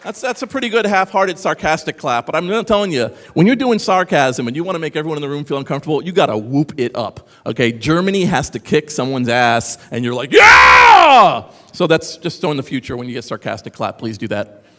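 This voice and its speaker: A man giving a lively conference talk, sarcastic and animated, rambling with asides to the audience. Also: on the high side, fast talker, hardly any pauses. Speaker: conference speaker. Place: conference hall. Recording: echoey hall.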